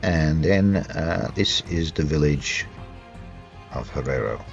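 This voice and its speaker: A man narrating a tabletop horror game as game master, speaking haltingly with many fillers and restarts. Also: extremely low pitch, lively intonation, creaky. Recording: dull lo-fi sound with faint music.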